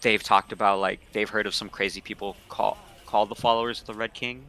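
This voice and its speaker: A man's voice: on the low side, level tone, a little fast, sharp tone. A young man narrating as game master in a tabletop role-playing session over a call, casual and loose with many fillers.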